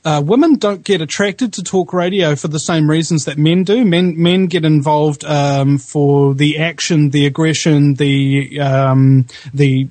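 A man with a New Zealand accent talks casually on his own radio show, his fairly high voice leaping about as he chats. He fills pauses with ums and restarts. The sound is close and dry, from a studio mic at home. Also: dry recording. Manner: animated, quick pitch jumps, frequent ums. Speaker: radio talk show host. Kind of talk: casual chat. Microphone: studio USB microphone.

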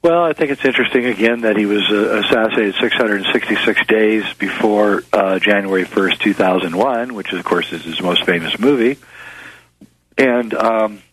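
Low husky-voiced filmmaker guest. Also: male voice, normal speed, a bit bright, no echo, rough recording. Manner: musing, hesitant, with fillers. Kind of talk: interview conversation.

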